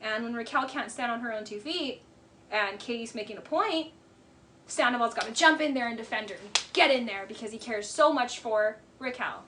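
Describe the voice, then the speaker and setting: A woman's voice: fairly high pitch, a little fast, a bit bright, a little hiss or hum. A woman giving casual, emphatic commentary on a reality TV episode, often exasperated and mimicking the people she quotes.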